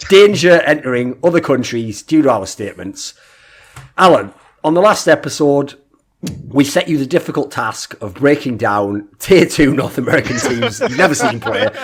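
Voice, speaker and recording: Young man, husky voice, brash profane co-host, casual podcast chat over a call mic. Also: mid-range voice, normal speed. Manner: brash and profane, animated storytelling.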